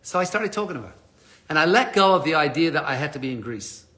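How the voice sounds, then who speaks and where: Man, fairly high and bright voice, lively live-stream storyteller with laughs and casual swearing. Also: quick pace. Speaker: motivational speaker.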